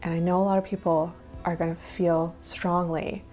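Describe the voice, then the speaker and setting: A woman in her thirties, chatty and candid, lists the things she no longer buys in a relaxed vlog. Her voice sits fairly low, with quick asides and little laughs, and faint music plays underneath. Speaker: minimalist lifestyle vlogger. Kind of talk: casual talking-head vlog.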